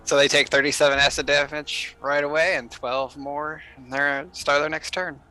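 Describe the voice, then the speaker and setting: A man's voice: fairly high pitch, flat delivery, moderate pace, bright, forceful tone, soft background music, low-quality recording. A man playing a tabletop game, eagerly laying out his attack plans. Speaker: player. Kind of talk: casual tabletop game chat.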